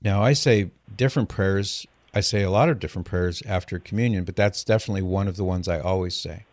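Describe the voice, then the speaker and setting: A man's voice: sits low, fast talker, a little mellow, dry recording. A man hosting a call-in radio show, explaining things in an earnest, patient way.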